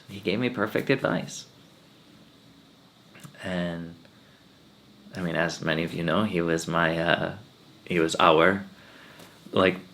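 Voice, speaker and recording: A slow-spoken man with a fairly low voice gives a spiritual talk as a swami. He tells personal stories in a relaxed, unhurried way and laughs often along the way. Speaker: swami giving satsang.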